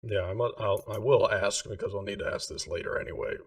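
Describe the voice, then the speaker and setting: Low-voiced man running a tabletop game. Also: fast, distant mic. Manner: loose, filler-heavy narration. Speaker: game master.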